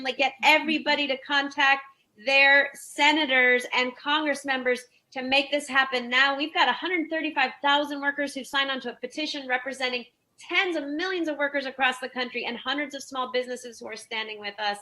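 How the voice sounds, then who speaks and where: Woman labor advocate with a high, bright voice, urgent and thankful. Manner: urgent, thankful call to action. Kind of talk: closing remarks at an online rally.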